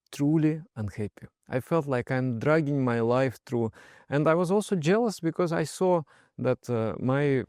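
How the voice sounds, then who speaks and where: Gravelly meditation teacher telling stories. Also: male voice, mid-range voice, no echo, studio quality. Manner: expressive, emphatic, with frequent hesitations. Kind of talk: personal storytelling talk.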